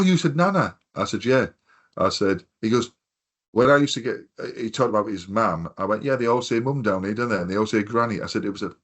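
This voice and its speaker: A man with a Hartlepool accent from North East England, hosting a casual podcast and telling long, rambling stories with plenty of swearing. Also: on the low side. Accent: North East English, Hartlepool. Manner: rambling anecdotal storyteller, swears freely. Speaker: podcast host. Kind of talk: casual chat.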